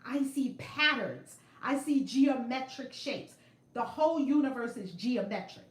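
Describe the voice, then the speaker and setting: A middle-aged woman telling a story on a casual livestream from a room at home, animated and emphatic, repeating her phrases. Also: high voice, a little slow, echoey room. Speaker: spiritual vlogger. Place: home room with altar and shelves. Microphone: phone camera.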